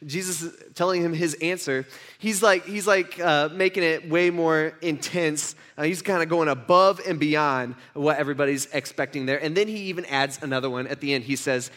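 A man's voice: on the high side, moderate pace, fairly bright tone. A man giving a casual, chatty sermon, telling a story and checking in with his audience. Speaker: pastor.

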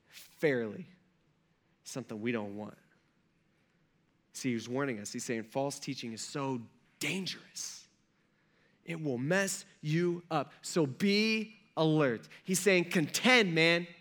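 A man's voice: a little high, a bit bright. A male pastor preaching a casual sermon, telling stories in a conversational way full of "like" and acted-out quotes. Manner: conversational storytelling with lots of "like" and voiced quotes.

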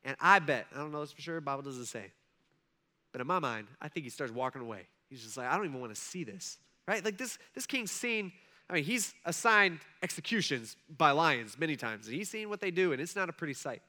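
A man's voice: a little high, lively intonation, fairly quick, bright, forceful tone. Male pastor, conversational sermon delivery, keeps checking in with the crowd. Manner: conversational, frequent asides and check-ins with the audience.

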